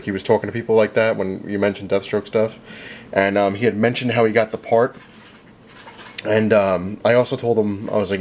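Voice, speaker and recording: A young male vlogger with a fairly low voice casually recaps a comic convention, rambling with plenty of fillers and retelling conversations he had. A little hiss or hum sits in the recording.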